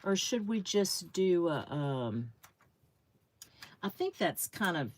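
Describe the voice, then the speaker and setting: A woman's voice: fairly low pitch, very animated, slow pace. A middle-aged woman chatting casually with viewers while crafting on a livestream, greeting them by name and thinking aloud.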